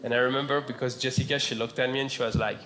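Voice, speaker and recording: A man from France with a French accent doing stand-up comedy, delivering punchlines in a slow, deadpan way. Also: mid-range voice, slight background noise. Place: comedy club stage with laughing audience. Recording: roomy stage sound with loud audience laughter.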